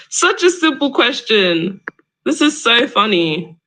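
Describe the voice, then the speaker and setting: A woman's voice: fairly high pitch, sing-song, slow, bright, forceful tone, rough recording. A young woman hosting a live debate stream, argumentative and exasperated, pressing her question again and again. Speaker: livestream debate host.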